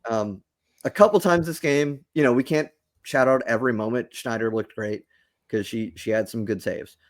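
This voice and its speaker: A man's voice: medium pitch, normal speed. A man co-hosting a sports podcast, bantering and breaking down the game in a joking, casual way. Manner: joking, self-promoting banter. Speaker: podcast co-host.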